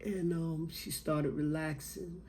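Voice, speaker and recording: A middle-aged man telling a personal story as a motivational speaker, slow and reflective with long pauses. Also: fairly high pitch, steady tone, dark tone, slight background noise.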